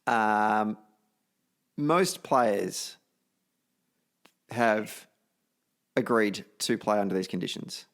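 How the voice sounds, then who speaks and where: A man's voice: on the low side, very slow, pauses often, fairly bright tone. An Australian man hosting a casual podcast, chatty and self-deprecating, telling stories with animation. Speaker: podcast host.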